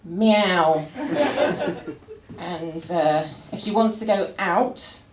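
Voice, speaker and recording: A woman's voice: fairly low pitch, slow pace. Wry woman doing stand-up in an echoey room. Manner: wry, pun-heavy, chats with the audience. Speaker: stand-up comedian. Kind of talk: live stand-up set. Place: comedy venue stage. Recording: echoey venue with crowd noise.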